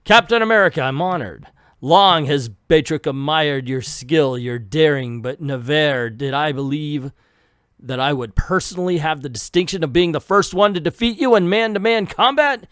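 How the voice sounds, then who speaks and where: A man's voice: fairly high pitch, moderate pace, a bit bright, clear, resonant tone, dry recording, studio quality, lightly acted. A man reading the lines of a boastful French villain fighter in a grandiose, formal way, dropping the French accent he admits he cannot do.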